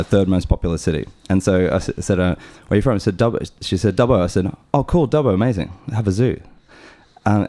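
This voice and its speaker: A man's voice: deep voice, dark tone. An Australian man from Brisbane, a musician guest telling rambling stories in casual chat, full of fillers and restarts.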